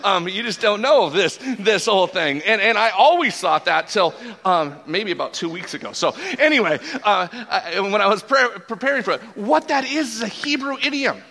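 A man's voice: sits high, expressive, normal speed, few pauses, bright, forceful tone. A man in his forties preaching a sermon as a pastor, casual and joking, often restarting his sentences. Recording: long reverb from a large hall.

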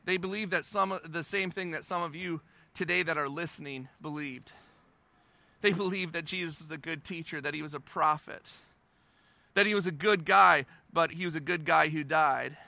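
A pastor preaches a sermon in a high, gravelly, piercingly bright voice at a moderate pace. He addresses the congregation loosely and emphatically, repeating phrases for stress and swinging widely between hushed and loud passages. The recording is dry and close, with no room sound.

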